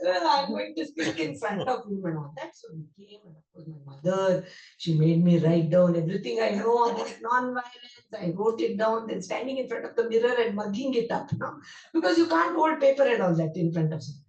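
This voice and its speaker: A woman's voice: fairly high pitch, animated, fairly quick, darkish tone, muffled recording. A woman, a guest speaker animatedly telling emotional memories in a devotional talk. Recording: roomy hall, distant mic.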